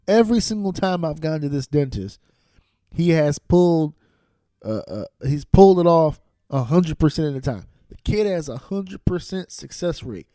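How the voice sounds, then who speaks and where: A man hosting a podcast, telling a loud, angry, profane comic rant into a studio microphone. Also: on the high side, no room sound. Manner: loud, angry, swearing storyteller. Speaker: podcast host.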